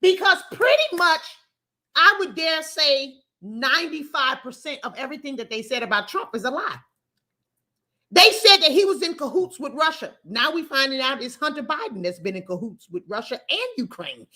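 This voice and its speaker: A woman's voice: high voice, expressive, moderate pace, sharp tone. A woman hosting a call-in livestream, talking emphatically in a folksy way and repeating words as she builds a point. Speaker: call-in show host. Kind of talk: casual livestream talk show.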